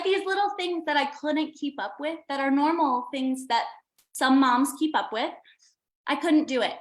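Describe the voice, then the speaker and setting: A woman speaks earnestly about her own experience in short, stacked phrases. Her voice is high, and the room around her rings with echo. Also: a bit bright. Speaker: guest giving a testimony. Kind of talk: earnest personal testimony. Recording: echoey room.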